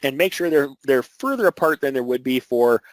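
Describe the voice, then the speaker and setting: A man's voice: medium pitch, expressive, fairly quick, no room sound, low-quality recording. A man teaching an embroidery webinar, explaining technique step by step with filler words and restarts. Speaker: embroidery instructor.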